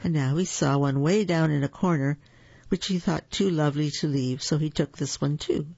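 A storyteller reading children's picture books aloud in a slow, gentle and expressive way. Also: mid-range voice, gravelly, husky, no echo. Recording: dull lo-fi recording.

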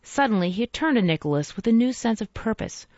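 A woman narrating a story aloud in a measured, expressive reading. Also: on the high side, no echo, dull audio.

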